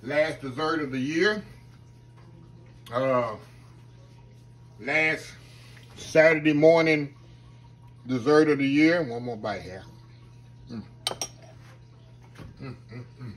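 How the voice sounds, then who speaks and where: A man's voice: fairly high pitch, slow pace, pauses often, low-quality recording. A man hosting a casual home cooking vlog, folksy and chatty, often calling out to viewers as y'all. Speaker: home cooking channel host.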